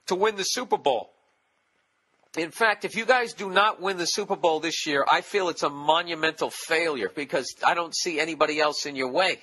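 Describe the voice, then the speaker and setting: A man's voice: a little high, bright, forceful tone. A man hosting his own podcast, talking alone in a casual, profane, sarcastic rant. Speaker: podcast host. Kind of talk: casual solo podcast monologue.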